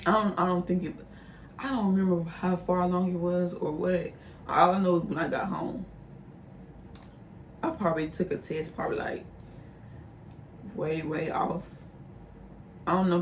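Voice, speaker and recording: A woman's voice: fairly low pitch, distant mic. A young woman tells a casual storytime, chatty and direct with her audience. Her voice sits somewhat away from the mic, with a roomy echo and a faint hum underneath. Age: young adult. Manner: chatty, addresses viewers as y'all. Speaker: vlogger telling a story.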